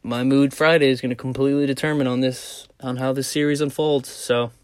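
A young man rambles through a story for his solo podcast, swearing freely and getting animated. His voice sits at a middle pitch. It is recorded dry and close in a small closet with no room sound. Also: brisk, clean tone, no echo. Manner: rambling, profane, animated retelling. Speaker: podcast host.

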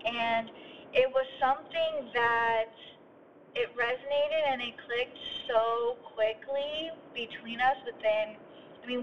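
A woman hosting a podcast, telling an earnest, heartfelt story in a voice note recorded while driving. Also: on the high side. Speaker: podcast host and coach. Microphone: phone voice note. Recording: dull lo-fi phone memo with faint road noise. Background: faint driving sounds.

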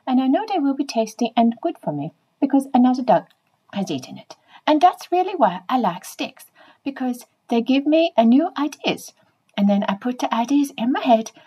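A woman's voice: a little high, sing-song, normal speed, dark tone, breathy edge, poor audio. A woman voicing a playful, chatty pet dog, speaking straight to the listeners in a comic monologue.

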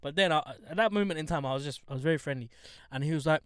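A man's voice: a little high, very fast, smooth, dry recording, clean studio sound. Slangy young man telling stories. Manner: animated storytelling, heavy slang. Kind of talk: casual chat.

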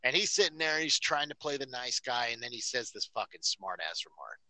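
A man's voice: mid-range voice, big pitch swings, a little fast, pushed and bright, no echo, poor audio. A man on a casual podcast, telling a story in a profane, ranting way. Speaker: podcast host.

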